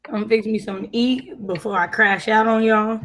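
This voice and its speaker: A woman's voice: on the high side, fairly even intonation, brisk, fairly bright tone, slight background noise, low-quality recording. A woman in playful, laid-back banter during a casual chat.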